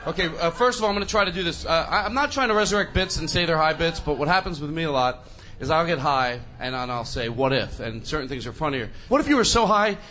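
Male stand-up comic, high and lively voice, rambling and giggly, noisy club recording. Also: fast talker. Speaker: stand-up comedian. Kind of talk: stand-up routine.

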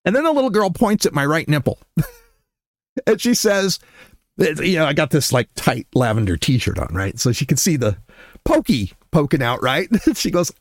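A man in his fifties tells a personal story with a lively, swinging pitch. He is self-deprecating and laughs as he goes. The sound is dry and close. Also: moderate pace, pauses often, dry recording. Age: 50s. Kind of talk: conversational storytelling.

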